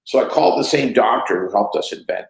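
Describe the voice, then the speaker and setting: A man's voice: fairly low pitch, fast, vocal fry. A man in his sixties, a company CEO, telling stories in a casual interview and acting out the voices of the people he quotes. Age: 60s. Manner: animated storyteller who acts out quoted dialogue. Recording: echoey room.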